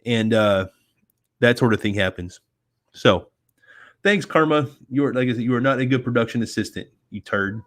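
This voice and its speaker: A chatty man hosting a casual live stream from his home setup, speaking into a desk mic on a stand. His voice sits at a middle pitch and he rambles loosely with filler words, his tone relaxed and friendly. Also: moderate pace, dry recording, clean studio sound. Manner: rambling, chatty, talks to his cat in a soft baby voice. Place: home studio with softbox light. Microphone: desk microphone on a stand.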